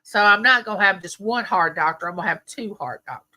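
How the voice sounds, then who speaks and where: A woman's voice: mid-range voice, fast talker, pushed and bright. Chatty woman telling a story. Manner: chatty, storytelling with quoted dialogue. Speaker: livestream host. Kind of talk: casual chat with viewers.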